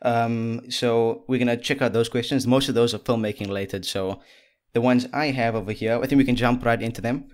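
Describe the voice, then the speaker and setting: A man's voice: mid-range voice, fairly even intonation, darkish tone. Chatty laughing male podcast host. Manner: chatty, laughs often, quick asides. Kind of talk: casual interview chat. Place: room lit by big studio lights.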